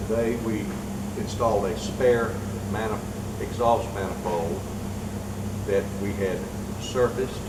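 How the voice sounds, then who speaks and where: A man's voice: fairly low pitch, slow. An older man, the father, giving plain matter-of-fact instructions in a home garage. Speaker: father helping with repairs. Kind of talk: casual instruction. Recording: distant, echoey, loud garage noise.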